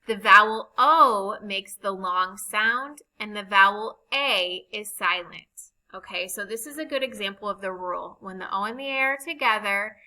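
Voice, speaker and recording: A woman teaching a recorded reading lesson, speaking slowly and deliberately as she spells out vowel sounds. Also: medium pitch, pushed and bright, low-quality recording.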